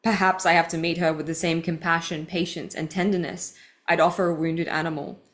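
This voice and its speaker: A woman's voice: fairly low pitch, steady tone, a little fast. Emotional, confessional woman reading her book. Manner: vulnerable, earnest, confessional. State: emotional, voice welling with grief. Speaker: podcast host. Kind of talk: reading aloud from her own book with personal asides.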